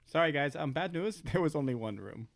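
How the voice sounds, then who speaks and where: A man playing a tabletop game, chatting casually and laughing often. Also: brisk. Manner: lively, giggly, swoops in pitch. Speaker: player. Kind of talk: casual play chat.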